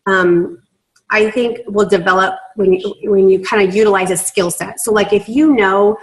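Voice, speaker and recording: A woman's voice: mid-range voice, steady tone, moderate pace, rough recording. Chatty woman on a training call, lots of ums and likes, laughs easy. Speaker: team leader giving sales training.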